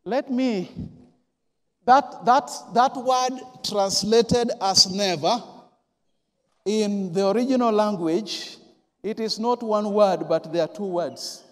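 Man, pastor, sermon, very high voice, slow unhurried delivery, emphatic repetition, long church hall reverb. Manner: emphatic, repeats key words, swings from quiet to loud.

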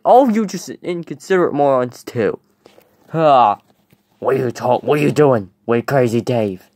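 A man's voice: mid-range voice, expressive, moderate pace, no room sound, clean studio sound. Rowdy, swearing man in a skit. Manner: rowdy, swears a lot, exasperated yelling. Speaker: skit creator voicing characters. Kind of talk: comedy skit voice acting.

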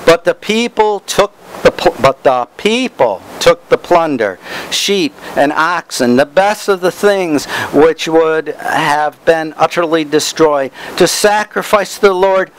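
A man's voice: on the high side, takes it slowly, hardly any pauses, slight background noise, poor audio. A man preaching a Bible study, reading verses aloud and stressing words as he explains them.

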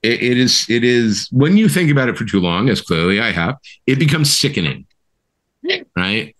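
A man's voice: medium pitch, animated, normal speed, a bit bright. A man co-hosting a podcast, ranting with heated, emphatic and profane talk, often asking "right?". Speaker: co-host. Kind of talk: impassioned podcast rant.

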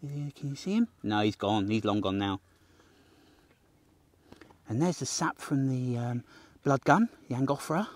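A man's voice: mid-range voice, expressive, a little slow, long pauses. A man leading a livestreamed nature walk for children outdoors, enthusiastic, talking straight to the viewer and gasping at what he finds. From Australia. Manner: enthusiastic, talks to the viewer, jokes and gasps at finds.

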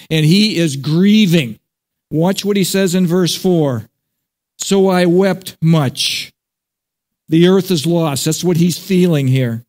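A man preaching a sermon in a notably high voice. He is emphatic, repeats key phrases for weight, and slows down to let important words land. He speaks as the pastor addressing his congregation. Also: darkish tone.

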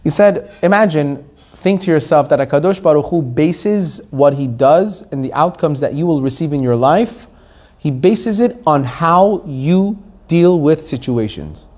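A man, a rabbi, teaching a Torah class to a live audience, animated, asking the room questions and laughing often. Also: fairly high pitch, unhurried.

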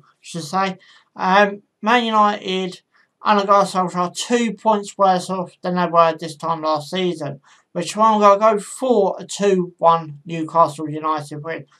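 Running her own football channel, this pundit host offers match predictions in a loose, halting manner, often saying "um" and correcting herself. She has a lowish, fairly bright voice.

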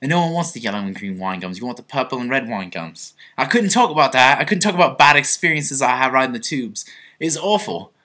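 A man's voice: medium pitch, lively intonation, a little fast, pushed and bright. A young man vlogging a comic mock confession, rambling and mock-earnest, stumbling over restarts. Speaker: vlogger on a group channel.

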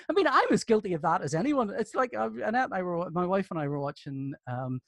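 A man's voice: high-pitched, quick pace, few pauses, no echo, studio quality. A man in his fifties with a Northern Irish accent, a podcast guest telling jokey stories in casual chat. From Northern Ireland. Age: 50s. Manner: animated, jokey storyteller who breaks into laughter. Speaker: podcast guest, comics artist.

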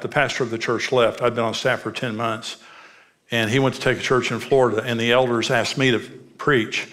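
A man's voice: medium pitch, a bit bright. A man preaching as a pastor, telling personal stories in an earnest, direct way.

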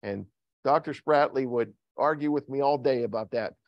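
A man's voice: moderate pace, no room sound, highs cut off. A man preaching a sermon as pastor, joking and asking the congregation questions. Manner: joking, asks the congregation questions, lively swings in pitch. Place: church. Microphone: video call recording.

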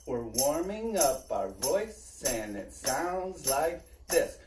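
A man's voice: fairly high pitch, big pitch swings, slow pace. A young man teaching a virtual preschool music class, leading children in an upbeat, sing-song way. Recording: echoey room, mic at a distance, music.

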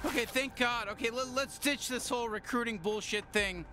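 An actor voicing a cocky, crude talking alien gun in a video game, excitable and rambling. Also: male voice, very high voice, fairly quick. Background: game music.

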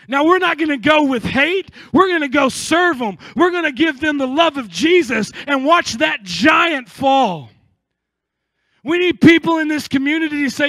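A man's voice: very high-pitched, expressive, normal speed, fairly bright tone, dry recording, clean studio sound. A man from the United States, a pastor preaching an impassioned sermon with joking asides.

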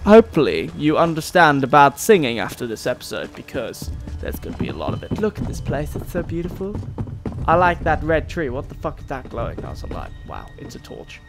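A man's voice: on the high side, wildly swooping pitch, fairly quick. Playful man joking through gameplay. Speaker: gaming channel host. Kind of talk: let's-play commentary. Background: game music.

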